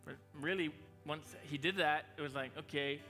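A man's voice: on the high side, steady tone, moderate pace, sharp tone, soft background music. A male pastor giving a casual, joking sermon full of restarts. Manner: conversational, jokey, with many restarts.

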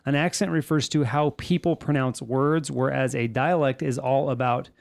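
A man's voice: mid-range voice, steady tone, moderate pace, gravelly, dry recording, studio quality. A man hosting a casual podcast chat, reading notes aloud with wry asides. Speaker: podcast host.

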